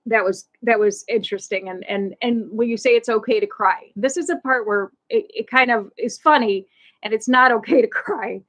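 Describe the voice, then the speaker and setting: A woman hosting a live stream, telling a personal story in a halting way, often repeating words and restarting, laughing now and then through sad moments. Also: a little high, a bit bright, low-quality recording. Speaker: host.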